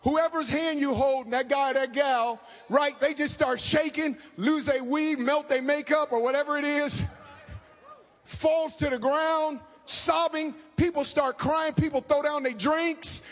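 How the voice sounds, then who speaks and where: A man preaching a fervent sermon, talking fast and calling out to the congregation. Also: very high voice, fairly even intonation, a bit bright. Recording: long hall reverb.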